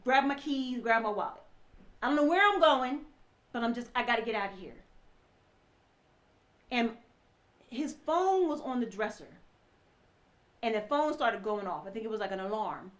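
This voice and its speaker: A woman telling an emotional personal story, halting and restarting often as she relives it. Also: fairly high pitch, animated. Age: adult mother. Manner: halting, many restarts, acts out quoted dialogue.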